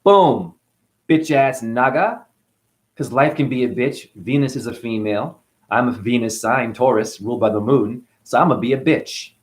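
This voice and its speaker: A man's voice: medium pitch, normal speed. A man hosting his own channel, delivering a combative, mocking, profane rant to camera. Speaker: channel host. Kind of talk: profane ranting monologue to camera.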